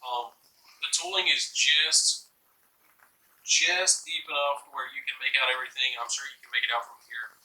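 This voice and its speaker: Co-host, man, chatty and keen, bright voice, roomy echo from a distant mic. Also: medium pitch, fairly even intonation, moderate pace. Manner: chatty, enthusiastic about collectibles. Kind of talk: casual chat. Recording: echoey room, mic far off.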